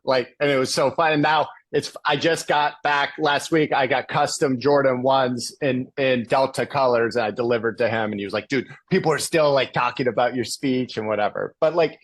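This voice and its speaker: A man as an interview guest, telling a story in an animated, emphatic way over a video call. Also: medium pitch, moderate pace, few pauses, no echo. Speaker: guest speaker.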